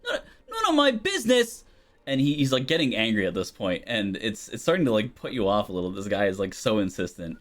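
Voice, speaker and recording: A man narrating as game master of a tabletop game, loose and relaxed with frequent ums. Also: lowish voice, fast, hardly any pauses.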